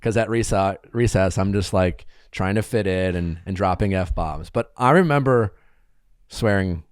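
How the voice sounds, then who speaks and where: A man's voice: low-pitched, measured pace, smooth, no echo, clean studio sound. A man in his forties hosting a podcast, talking earnestly and thinking aloud in a casual chat. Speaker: podcast host.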